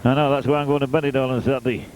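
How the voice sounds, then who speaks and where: A man's voice: mid-range voice, steady tone, very fast, darkish tone. A man doing chatty, wry football commentary from an open-air commentary position, openly cheering on the home side. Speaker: match commentator. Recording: noisy outdoor stadium recording.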